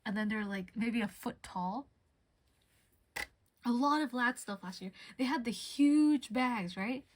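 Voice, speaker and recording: A woman's voice: a little high, measured pace, slight background noise. A woman streamer chatting casually while crafting, giggly and laughing often as she tells stories.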